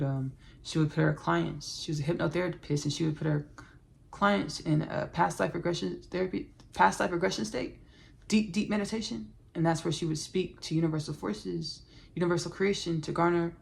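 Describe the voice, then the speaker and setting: Gravelly woman hosting spiritual channeling. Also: low-pitched, fairly even intonation, moderate pace. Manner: repetitive, effusive, soft murmured thanks. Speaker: podcast host and channeler.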